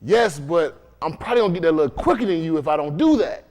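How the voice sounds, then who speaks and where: Animated high-voiced preacher. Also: male voice, fast. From Dade County, Florida. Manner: conversational, animated preaching with frequent questions to the congregation. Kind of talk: sermon. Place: congregation room.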